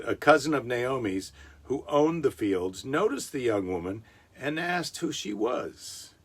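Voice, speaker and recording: A male comedian talks through a story in a loose, chatty monologue. His pitch swings widely and he keeps breaking off for wisecracks. The tone is offhand and conversational. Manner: rambling, wisecracking asides. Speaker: comedian host. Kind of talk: casual comic monologue.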